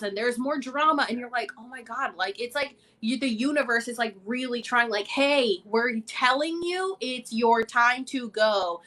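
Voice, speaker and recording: A woman's voice: on the high side, pushed and bright. A woman in her thirties hosting a casual live chat, telling stories animatedly and acting out her own inner voice. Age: 30s. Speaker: host.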